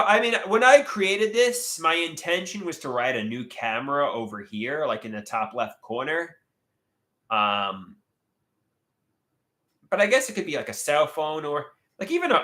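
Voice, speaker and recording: Animated man in his thirties live-streaming. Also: mid-range voice. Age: 30s. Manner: chatty, reads out viewer comments, stammers and restarts. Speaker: livestream host. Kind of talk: casual live-stream chat.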